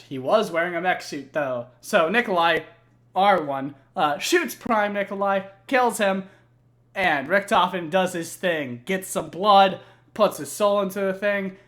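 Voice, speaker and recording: Casually going over video game lore, a young man speaks in a high-pitched, fairly bright voice. The chat wanders, includes swearing and is loaded with fillers.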